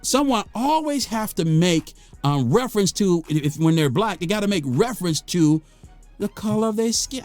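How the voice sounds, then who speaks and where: A man's voice: high voice, moderate pace, soft background music. An American man giving an impassioned, preachy monologue to the camera, repeating phrases for emphasis and getting worked up. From United States. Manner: gets worked up, then calms himself. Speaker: vlogger.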